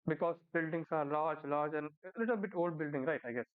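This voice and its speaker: A man's voice: on the high side, fairly quick, clear, resonant tone. Indian man reacting, tinny phone-like sound. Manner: hesitant, full of fillers and tag questions. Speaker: reaction video host. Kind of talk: casual reaction commentary.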